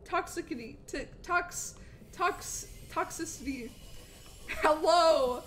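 A woman streaming a game live, excitable and chatting with viewers, with hiccups. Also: high-pitched, measured pace, slight background noise. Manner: excitable, talks to chat, frequent outbursts. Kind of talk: live gameplay commentary.

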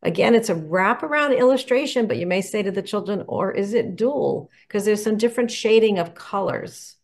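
Presenting picture books to teachers, this woman explains the covers with enthusiasm and asks questions as she goes. She speaks briskly in a medium-pitched voice.

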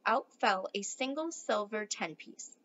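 A woman's voice: medium pitch, animated, measured pace, highs cut off. A woman, a teacher, reading a storybook aloud and speaking directly to her listeners in a friendly way. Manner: warm, friendly address to listeners.

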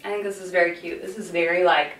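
A woman's voice: on the low side, fairly even intonation, fast talker, a bit bright, distant mic, slight background noise. Rambling young woman in an echoey room. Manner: rambling, goes off on tangents. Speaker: fashion vlogger. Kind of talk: casual chatty vlog. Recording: echoey room, voice a bit off-mic.

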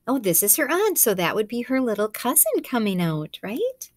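A woman, a kindergarten teacher, reading a picture book aloud to children in a gentle, coaxing way, asking them questions and dropping to soft whispers. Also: on the high side, huge pitch swings, moderate pace, hardly any pauses, no echo.

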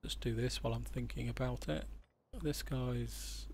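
A man's voice: medium pitch, fairly even intonation, moderate pace, creaky, a little mellow, slight background noise. A man hosting a gaming channel, thinking aloud in casual gameplay commentary as he weighs his choices.

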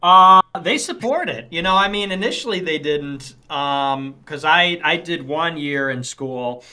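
A man's voice: on the high side, lively intonation, measured pace, sharp tone, clear, resonant tone. A young man streamer chatting casually on a call, matter-of-fact and full of fillers. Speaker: streamer and political commentator. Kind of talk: casual chat.

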